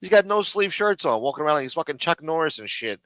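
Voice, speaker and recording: Profane, bright-voiced man ranting. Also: on the high side, lively intonation, fast talker, no room sound, rough recording. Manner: profane, mocking, rambling rant. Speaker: live stream host. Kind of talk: casual ranting chat.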